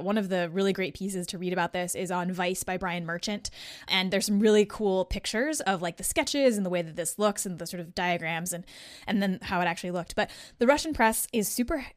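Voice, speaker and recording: In a studio-quality recording with no room sound, a woman with a mid-range voice guest-hosts a podcast. She's lively as she tells a story casually, laughing and performing the quoted voices of its characters.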